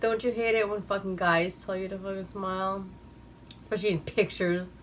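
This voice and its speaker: A woman's voice: medium pitch, fairly even intonation, normal speed, long pauses, slight background noise. A woman giving a rambling, profane, casual recap of an old movie and laughing at herself. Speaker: movie reviewer.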